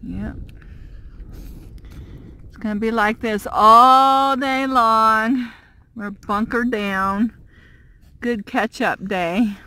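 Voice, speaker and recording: Woman, van vlogger, casual chat, fairly high voice, slow easy pace, fillers and small laughs. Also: steady tone, pushed and bright. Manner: chatty, rambling, many fillers and laughs. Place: inside a van.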